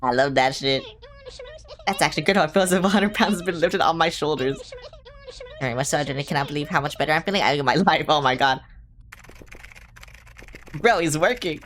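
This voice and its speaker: A woman streamer talking through her gameplay live, excitable and quick to panic, swearing casually as she plays. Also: sits low, slight background noise. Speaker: game streamer. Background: game music.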